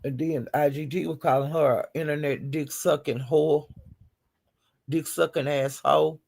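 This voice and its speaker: Casual male host, slightly high and fry-laden voice, blunt gossipy delivery. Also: steady tone, normal speed, a little mellow. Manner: chatty, blunt gossiping retelling. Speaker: host recapping livestream drama.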